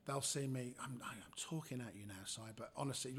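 Husky-voiced man telling stories. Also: medium pitch, brisk. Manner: lively storyteller acting out quoted people. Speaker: comedian guest. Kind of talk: casual anecdotal chat.

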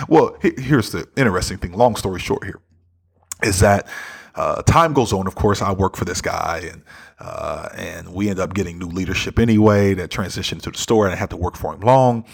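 A man's voice: fairly low pitch, animated, normal speed, creaky, fairly bright tone, slightly rough. A man giving an earnest, conversational talk on leadership, often checking in with "right?". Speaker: speaker on leadership. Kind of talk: motivational talk.

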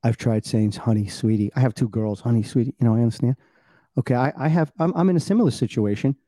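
Easygoing man in his sixties, mellow. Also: mid-range voice, expressive, quick pace, no echo. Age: 60s. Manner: easygoing, agreeing, laughing along. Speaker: podcast host. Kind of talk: casual podcast chat.

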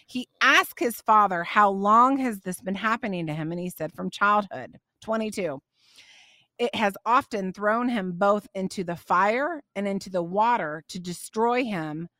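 A woman's voice: mid-range voice, a little slow, bright, forceful tone, dry recording, studio quality. A middle-aged woman hosting a faith podcast, answering questions and reading scripture in an emphatic, passionate way. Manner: emphatic and passionate, getting on a soapbox. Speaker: podcast host.

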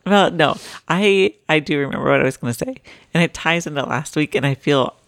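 A woman's voice: low-pitched, brisk, no echo, clean studio sound. A woman co-hosting a family podcast in casual chat, laughing often and giving short agreeing replies. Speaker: podcast co-host.

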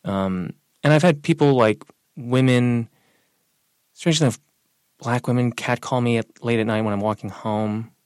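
A young man talking through his experiences in a relaxed, conversational way. His pitch sits at an ordinary middle level. The sound is dry and close, with no room echo. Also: normal speed, clear, resonant tone. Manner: relaxed, animated when quoting others. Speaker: interviewee. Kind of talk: casual conversational storytelling.

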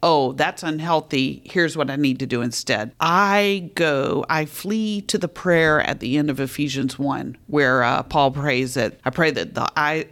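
Candid woman author guest, calm storyteller. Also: low-pitched, measured pace, few pauses. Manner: candid, calm storytelling about her faith. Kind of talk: conversational faith podcast.

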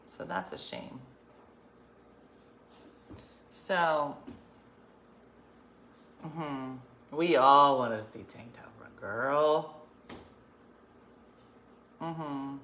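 A woman's voice: rumbling low, expressive, extremely slow, long pauses, a bit bright, reverberant, a little hiss or hum. A woman hosting an online show, chatting casually with viewers and laughing as she tells stories. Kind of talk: casual live-stream chat.

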